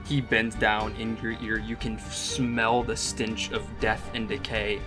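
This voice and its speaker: A man with a low, flat voice runs a tabletop game as game master. He describes each scene with loose filler words over clear background music. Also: unhurried. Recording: music playing underneath.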